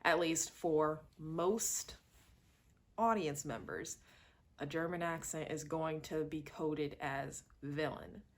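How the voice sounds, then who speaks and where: Chatty woman reviewing a movie, low voice. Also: slow. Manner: chatty, expressive, acts out lines in quotes.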